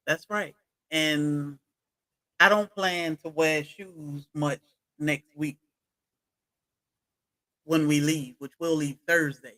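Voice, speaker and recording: Chatty bright-voiced woman on a livestream. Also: deep voice, steady tone, takes it slowly, long pauses, rough recording. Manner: chatty, greets viewers from chat by name. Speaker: homestead livestream co-host. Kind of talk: casual livestream chat.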